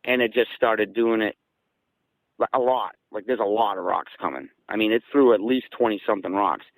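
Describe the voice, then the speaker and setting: A man from southeastern Massachusetts, a guest casually recounting events in an animated way and acting out the dialogue. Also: lowish voice, moderate pace, no echo, poor audio. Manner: animated, acts out quoted dialogue. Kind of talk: casual storytelling.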